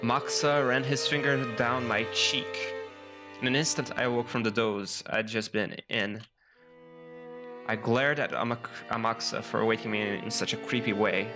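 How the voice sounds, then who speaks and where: A man's voice: medium pitch, steady tone, normal speed, lightly acted. A man reading aloud the inner voice of a frightened young woman trapped in a room. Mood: puzzled. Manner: first-person narration, growing panicked. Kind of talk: reading a visual novel aloud. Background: loud game music.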